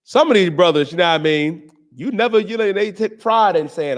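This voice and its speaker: A man hosting a talk show, preaching on scripture in slangy, emphatic speech and drawing out the verses slowly. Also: high voice, lively intonation. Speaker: host and teacher.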